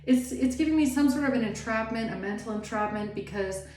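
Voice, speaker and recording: A woman's voice: on the high side, a little fast, darkish tone. A woman giving a casual tarot reading, rambling and chatty, with lots of "like" fillers. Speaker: tarot reader. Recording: roomy echo, faint background noise.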